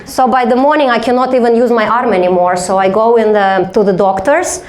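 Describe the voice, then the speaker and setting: Young woman doing standup, swears a lot, bit high, echoey club sound. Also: brisk. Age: young adult. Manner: profane, deadpan storytelling with acted quotes. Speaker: stand-up comedian. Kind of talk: stand-up storytelling.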